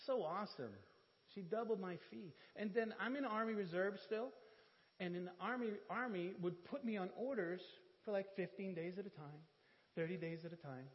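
A man giving an animated sermon testimony in church, telling stories with laughs and self-deprecating asides. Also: high-pitched, normal speed. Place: church hall. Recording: dull church hall audio with reverb.

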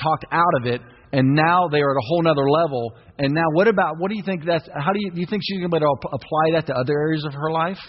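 A man's voice: a little high, breathy edge. A middle-aged male pastor preaching a sermon, urging the congregation to repeat phrases back to him. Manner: exhorting, call-and-response with congregation. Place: church sanctuary. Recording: dull reverberant church recording.

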